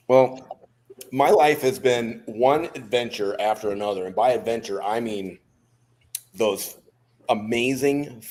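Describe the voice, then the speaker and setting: A man in his fifties tells his life story as a podcast guest. He speaks at a middling pitch in a relaxed, casual way and breaks into laughter between anecdotes. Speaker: podcast guest, former Navy SEAL.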